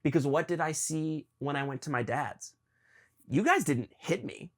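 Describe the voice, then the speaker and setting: A young man hosting a podcast, talking earnestly and confessionally with his father, halting with ums and restarts. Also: on the high side, lively intonation. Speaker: podcast host. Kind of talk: emotional conversation with his father.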